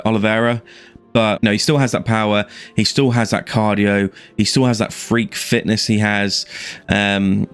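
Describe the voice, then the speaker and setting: Low-voiced Irish man rambling about fights. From Ireland. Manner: rambling, with many fillers and restarts. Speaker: MMA YouTuber. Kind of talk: casual fight-prediction chat.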